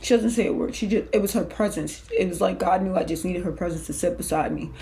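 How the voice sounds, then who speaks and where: A woman's voice: fairly low pitch, quick pace, warm tone, slight background noise. A woman hosting a podcast, telling her personal faith story in a candid, emotional, conversational way with loose restarts. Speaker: podcast host.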